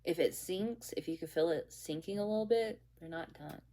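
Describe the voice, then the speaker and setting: A woman's voice: fairly low pitch, moderate pace, mellow. A young woman casually telling a story about her bakery job, rambling with many restarts and fillers.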